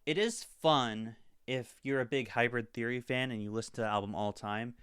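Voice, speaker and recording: A man's voice: mid-range voice, normal speed, fairly bright tone, smooth, dry recording, clean studio sound. A young man giving a casual, upbeat album review, full of fillers like "like" and "honestly".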